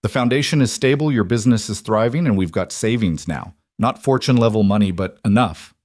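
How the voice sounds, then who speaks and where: A man voicing a caring wife and mother who speaks calmly and reassuringly. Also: fairly low pitch, a little fast, no echo, studio quality, close to an everyday voice. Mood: loving. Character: adult woman, warm wife and mother.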